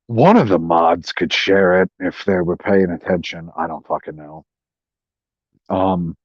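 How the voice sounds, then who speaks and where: A man's voice: low voice, a little slow, darkish tone, no room sound. A man hosting a live stream, ranting in a profane, sarcastic way and mimicking people he mocks. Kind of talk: profane casual rant. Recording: dull, dry lo-fi stream audio.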